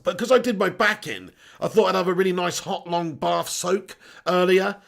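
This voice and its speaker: A man hosting a live stream, chatting excitedly, laughing and bantering with mild swearing as he reads out viewer messages. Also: sits high, moderate pace, creaky.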